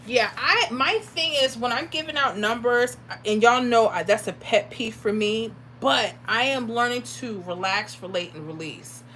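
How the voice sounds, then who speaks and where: A woman's voice: fairly high pitch, moderate pace, few pauses, sharp tone, a little hiss or hum, low-quality recording. A woman from Florida, hosting a casual livestream and answering viewer comments. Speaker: livestream host.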